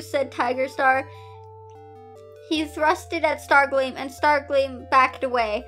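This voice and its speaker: A woman's voice: high voice, fairly even intonation, slow, sharp tone, soft background music. A woman host reading a story aloud and breaking off with incredulous, laughing asides. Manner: incredulous, laughing asides between read lines.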